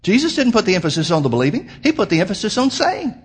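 A man preaching a sermon as pastor, emphatic, slowing down to quote scripture. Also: high voice, big pitch swings, husky.

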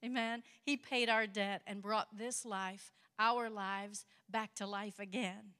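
Bright-voiced woman in a reverberant church. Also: mid-range voice, fairly even intonation, takes it slowly. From Kentucky. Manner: upbeat, chatty, laughs often. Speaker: visiting missionary. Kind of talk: church address to a congregation. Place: church sanctuary. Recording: long reverb of a church hall.

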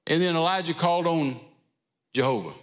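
A man with a slightly high voice and a somewhat quick pace preaches a sermon, telling a Bible story folksily and tossing in drawled asides. The recording carries echoey hall reverb.

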